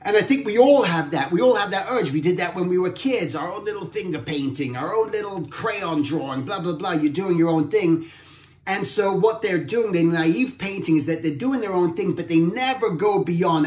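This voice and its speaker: A man's voice: high voice, animated, moderate pace. Reflective man in an echoey room. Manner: rambling, reflective, self-correcting. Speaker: artist hosting an art talk. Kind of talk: casual talk.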